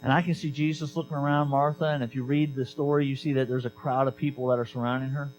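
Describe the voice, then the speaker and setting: A man preaching a sermon as pastor, conversational and animated, repeating key lines for emphasis. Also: medium pitch, quick pace, dull audio, slight background noise.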